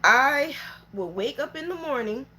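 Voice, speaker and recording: A woman's voice: high voice, lively intonation, unhurried, sharp tone, a little hiss or hum. A woman with children, talking earnestly and emotionally in a motivational vlog about running her small business. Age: adult with children. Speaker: small business owner giving mentoring talk. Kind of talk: heartfelt motivational vlog talk.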